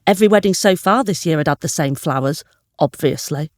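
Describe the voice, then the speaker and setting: A woman comedian reading aloud her own comic story, telling it with lively energy and bursts of laughter. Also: low voice, brisk, no echo, clean studio sound.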